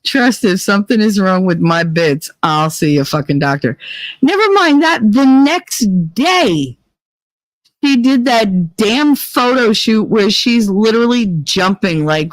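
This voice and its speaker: A woman's voice: medium pitch, no room sound. A woman hosts a live show, talking to her listeners in a loose, confessional way. She swings into blunt, foul-mouthed sarcasm. Her voice is close and dry, with no room sound. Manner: profane, sarcastic ranting; candid and confessional. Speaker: podcast host. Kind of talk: casual chat to a live audience.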